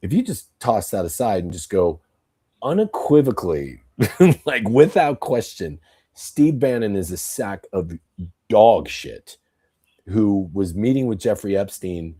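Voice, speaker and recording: Man, low husky voice, blunt profane podcast ranter who acts out quotes. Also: very animated, a little slow, dark tone. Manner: blunt, profane, rambling political rant; tells stories with acted quotes. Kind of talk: casual podcast talk.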